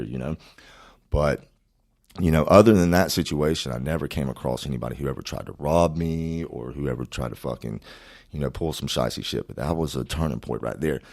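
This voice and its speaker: Podcast guest, man, very low voice, swears a lot, animated storytelling. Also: gravelly. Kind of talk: casual storytelling.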